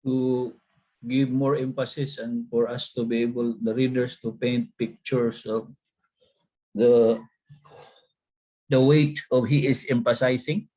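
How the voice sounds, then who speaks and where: Student guy on a video call, slow, flat and mellow, not too sure. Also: medium pitch, low-quality recording. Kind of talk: answering in class.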